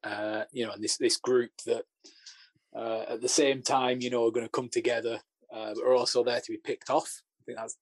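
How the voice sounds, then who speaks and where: A man co-hosting a podcast, giving measured film opinions with frequent uhs and you knows. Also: medium pitch, little pitch movement, husky, no echo. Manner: measured, hesitant, many uh and you know. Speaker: podcast co-host. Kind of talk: casual film discussion.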